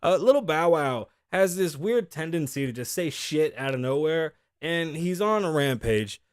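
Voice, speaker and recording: A man's voice: on the high side, lively intonation, measured pace, dry recording. A young man hosting a show from his studio in a casual, profane, joking chat, mimicking the voices of people in his stories. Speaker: podcast host. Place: home studio. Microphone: studio mic, live recording.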